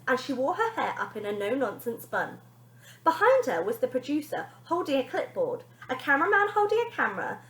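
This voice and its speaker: A woman teacher reading a children's storybook aloud to her class in an expressive, playful way. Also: fairly high pitch. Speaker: primary school teacher. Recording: echoey room.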